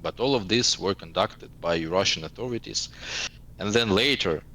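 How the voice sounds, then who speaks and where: Male guest, 30s, very deep voice, halting second-language English. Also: a bit bright, low-quality recording. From eastern Ukraine. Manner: searching for words in a second language. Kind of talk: casual interview talk.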